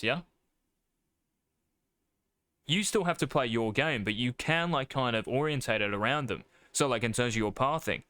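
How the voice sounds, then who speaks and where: A man's voice: medium pitch, fairly bright tone. A man coaching a player over a live stream, blunt and profane, calling his student mate. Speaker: game coach.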